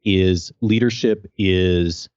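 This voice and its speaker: A man speaking as a guest on a podcast, earnest and measured, explaining his work with gratitude. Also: low-pitched, steady tone, a little mellow, clean tone, dry recording, lo-fi sound. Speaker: podcast guest, leadership coach. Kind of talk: conversational interview.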